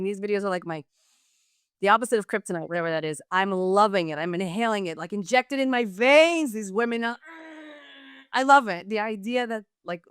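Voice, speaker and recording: A woman panelist on a news show, chatting casually in a gushing, animated way, full of "like" fillers. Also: medium pitch, clean tone, no echo, clean studio sound. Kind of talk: casual chat.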